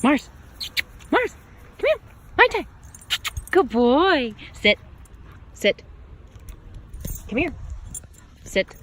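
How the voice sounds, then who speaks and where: A woman calling and commanding her puppy outdoors in an excited voice. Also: very slow, pauses often, a little hiss or hum. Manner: calling a dog with high excited voice.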